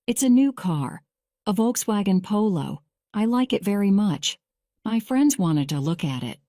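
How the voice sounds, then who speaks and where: A woman's voice: mid-range voice, animated, mellow, no room sound, studio quality, close to an everyday voice. A woman reading as a defensive young man on trial. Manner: measured, slow graded-reader delivery. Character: young man, boyfriend questioned in court, defensive.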